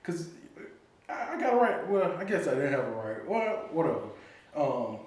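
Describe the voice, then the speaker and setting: A man in a relaxed, chatty mood tells a family story, breaking into laughter often. His voice sits a little high. He's picked up from across a very echoey room. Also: moderate pace, distant mic. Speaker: family vlogger. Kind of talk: casual storytelling.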